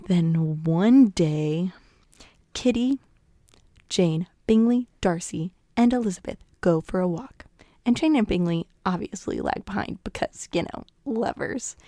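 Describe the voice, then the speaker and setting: A woman's voice: on the low side, expressive, slow, dark tone. A young woman gives a casual, chatty retelling of a story. She is playful, laughs often and slips into the characters' lines. The sound is dry and close, with no room echo. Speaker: guest summarizing a novel.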